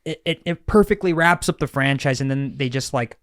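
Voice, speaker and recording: A man co-hosting a casual podcast, animated and laughing, with a lot of fillers and swearing. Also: medium pitch, brisk, dry recording, studio quality. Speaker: podcast co-host. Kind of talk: casual chat.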